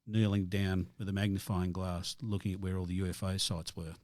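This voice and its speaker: A man's voice: sits low, level tone, brisk, darkish tone, no room sound. A man co-hosting a casual music chat, tossing in questions and dry quips. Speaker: radio co-host.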